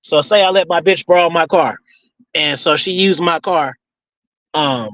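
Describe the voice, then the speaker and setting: Brief: host with a high-pitched voice, profane and slangy, recorded dry and close. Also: male voice, measured pace, fairly bright tone, dry recording, low-quality recording. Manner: profane, rambling, streetwise slang. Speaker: host answering audience questions. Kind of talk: casual Q and A talk.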